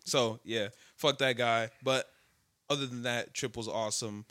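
A young man telling a story in casual chat, animated and slangy, with lots of swearing. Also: medium pitch, measured pace, dry recording, clean studio sound.

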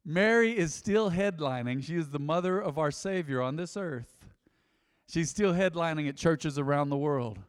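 A man preaching from the pulpit with a notably high voice, animated in storytelling and dropping from loud to soft. His words ring out with a long reverb in the church hall. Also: normal speed, clear, resonant tone. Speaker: pastor. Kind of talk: sermon.

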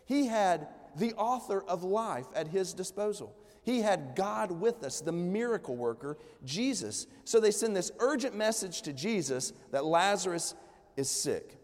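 A man, preaching a sermon in a casual, storytelling way with lots of fillers. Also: on the high side. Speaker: pastor. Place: church sanctuary. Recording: long church hall reverb.

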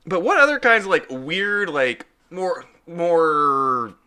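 Bright, lively man chatting casually. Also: on the high side, takes it slowly, clear, resonant tone. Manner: rambling, joking, breaks into goofy impressions. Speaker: podcast co-host. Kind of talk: casual chat.

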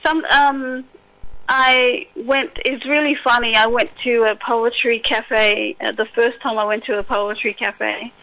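A poet from Western Australia reads her own verse and then chats hesitantly, with many fillers, as a guest on an interview show. Her voice is on the high side and forceful, bright and fairly even, delivered at a measured pace, though the audio is poor.

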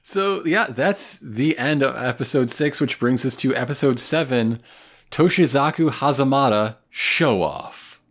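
A man's voice: mid-range voice, lively intonation, a little slow, a bit bright. A man co-hosting a podcast, chatting casually and making wry asides about an anime. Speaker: podcast co-host. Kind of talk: casual chat comparing anime sub and dub.

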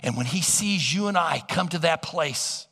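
Male pastor, sermon, gravelly edge, echoey sanctuary sound. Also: normal speed. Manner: animated preaching, swings from loud emphasis to soft low asides.

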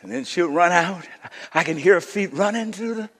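A male pastor preaching a sermon, telling a story, then swinging from shouts to hushed intensity. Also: sits high, lively intonation, moderate pace, long reverb tail.

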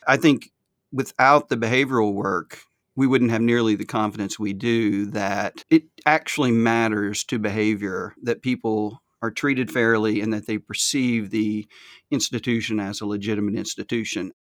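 A man with a Southern US accent co-hosting an academic podcast, explaining research in a measured way. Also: on the low side, fairly even intonation, fairly bright tone, no room sound, studio quality. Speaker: podcast co-host. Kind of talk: academic discussion.

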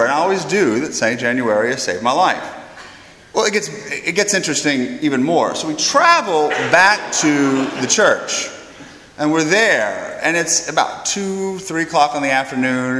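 Animated man telling a story in an echoey hall. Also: medium pitch. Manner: animated storyteller who acts out quoted voices. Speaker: priest. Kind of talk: storytelling homily. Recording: roomy hall echo.

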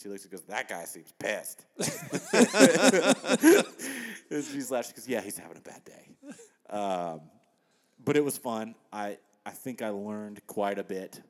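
Low-voiced man telling a fishing story. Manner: animated storytelling with laughs and quoted asides. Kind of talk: casual storytelling chat.

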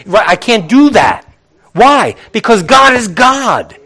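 Middle-aged male pastor, high voice, lively conversational preaching with acted-out asides. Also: slow pace, slightly rough. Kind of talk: sermon.

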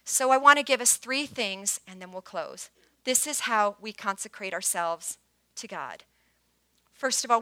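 Woman pastor in her fifties, bright and fairly high, dry close sound; earnest sermon delivery with hushed prayers. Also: dry recording. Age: 50s.

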